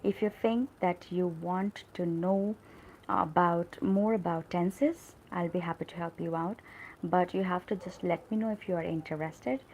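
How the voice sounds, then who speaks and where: Gravelly-voiced woman teaching English grammar. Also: lowish voice, measured pace, darkish tone, highs cut off, a little hiss or hum. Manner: explains step by step, often asks "right?"; acts out example sentences with emphasis. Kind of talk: live-streamed grammar lesson.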